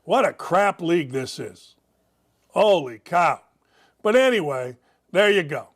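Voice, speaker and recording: A man's voice: on the high side, animated, unhurried. A man hosting a sports talk show, ranting in a sarcastic, mocking way about sports and politics. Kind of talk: opinionated sports and politics rant.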